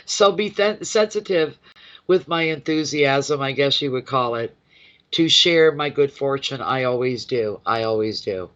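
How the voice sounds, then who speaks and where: A man with a mid-range, fairly bright voice does a live-stream tarot reading, animated but unhurried. He greets viewers by name and chats with them in a gushing, emotional way. The sound is dull and lo-fi.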